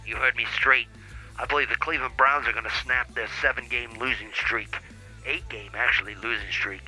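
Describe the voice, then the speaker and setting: A man's voice: mid-range voice, steady tone, a little fast, sharp tone, faint music behind, poor audio. A man giving comedic football predictions with dramatic, hyped build-up. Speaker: sports picks caller.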